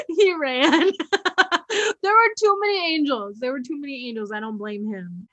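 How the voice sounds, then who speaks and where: A young woman giving chatty, excitable commentary as she reacts to a TV show, laughing often. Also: sits high, a little slow.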